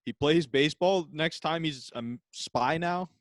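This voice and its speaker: A man's voice: on the high side, measured pace, no room sound. Laid-back man, dry close mic. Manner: laid-back, laughs often, enthusiastic agreement. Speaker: podcast guest, comedian. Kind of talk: casual comedy podcast banter.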